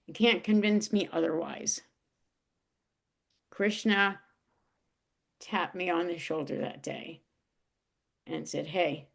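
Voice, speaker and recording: A woman telling an emotional personal story in a casual, halting way, with many restarts and fillers. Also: on the low side, gravelly, fairly bright tone. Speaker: guest.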